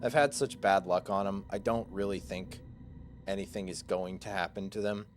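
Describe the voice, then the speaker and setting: A man's voice: low voice, fairly even intonation, moderate pace, soft background music. A man in his twenties, a streamer, chatting casually with his viewers and rambling through a self-deprecating story full of fillers.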